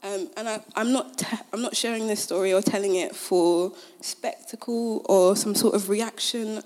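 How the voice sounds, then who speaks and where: A young woman gives a casual, conversational sermon. She leans on fillers and modern slang as she retells the story. Her voice sits at an ordinary middle pitch. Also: steady tone, moderate pace, darkish tone. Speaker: speaker at a Christian gathering.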